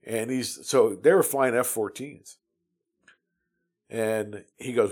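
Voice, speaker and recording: A man in his fifties from the United States tells his service stories in a relaxed, conversational way. He rambles, often restarts his sentences, and fills the pauses with "uh." His voice sits in an ordinary middle pitch. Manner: rambling, with many restarts and fillers. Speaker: Navy veteran telling his story. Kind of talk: casual storytelling.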